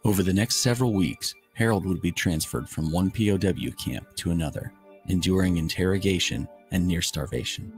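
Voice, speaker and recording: A man reading documentary narration from a script in a measured, formal way. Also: deep voice. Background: background music.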